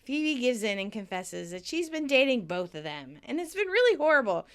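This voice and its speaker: A woman co-hosting a podcast, recapping an episode in casual chat with animated storytelling and frequent laughs. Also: on the high side, moderate pace, clean tone. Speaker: podcast co-host.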